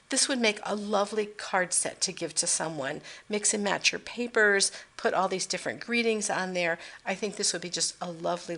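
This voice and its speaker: A woman's voice: medium pitch, gravelly, a bit bright. A woman demonstrating a papercraft project at her craft table, chatting and thinking aloud with fillers as she works. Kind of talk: casual craft tutorial.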